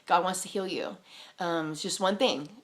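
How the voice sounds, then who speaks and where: Woman doing her dad the preacher, calm and earnest, plain low voice. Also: moderate pace, close to an everyday voice. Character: calm older male preacher father, earnest.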